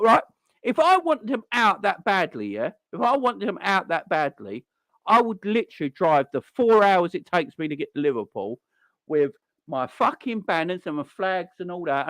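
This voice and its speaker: A man's voice: high voice, expressive, moderate pace, fairly bright tone, dry recording. A man hosting a football channel, ranting angrily and swearing as he mocks online fans. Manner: sweary, mocking, mimics people. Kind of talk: angry fan rant.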